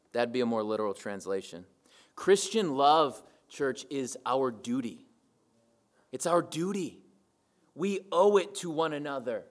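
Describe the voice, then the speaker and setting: A man preaching a sermon to his church, emphatic and repeating key phrases for weight. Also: mid-range voice. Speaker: pastor.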